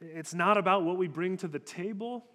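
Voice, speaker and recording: Pastor guy preaching, chatty but emphatic, fairly high voice, long hall echo. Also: moderate pace, sharp tone. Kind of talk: sermon.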